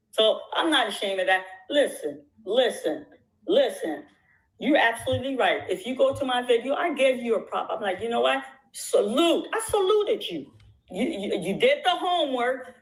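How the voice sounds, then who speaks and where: A woman's voice: sits high, fairly bright tone, low-quality recording. A woman talking in an impassioned, casual way, emphatic and rambling, repeating phrases and restarting her sentences. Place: out at dinner with supporters.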